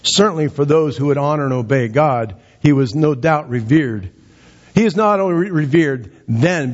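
A male pastor preaching with a husky edge to his voice, climbing higher when he acts out quoted lines. The sound is dull and muffled, like a lo-fi church recording. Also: darkish tone. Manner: dramatic, rises in pitch for quoted lines. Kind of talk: sermon.

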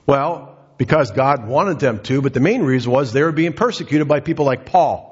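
A pastor preaches a sermon, telling the story earnestly before building to impassioned emphasis. His mid-range voice is expressive with a breathy edge and a moderate pace, heard through a dull lo-fi recording in a reverberant hall.

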